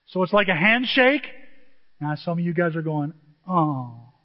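Animated high-voiced male pastor preaching. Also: normal speed. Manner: animated, joking, acts out quotes in different voices. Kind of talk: sermon. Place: church sanctuary. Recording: dull lo-fi audio in a large reverberant hall.

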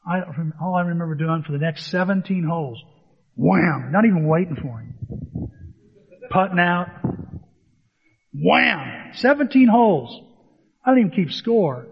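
A male pastor preaching a sermon, telling stories in an animated way and acting out the dialogue. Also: fairly high pitch, a little slow, creaky, long pauses, husky. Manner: animated storytelling, acts out dialogue. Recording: dull, long reverb in a hall.

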